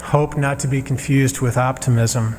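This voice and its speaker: A man preaching a sermon as minister, earnest and measured, pausing between phrases. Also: mid-range voice, fairly even intonation, a little mellow. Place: church sanctuary. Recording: reverberant sanctuary with faint hum.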